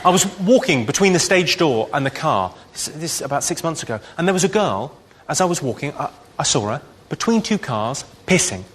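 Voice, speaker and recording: A man performing a stand-up comedy set, delivering dry deadpan one-liners. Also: fairly high pitch, brisk. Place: live comedy venue. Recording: live show with loud background noise.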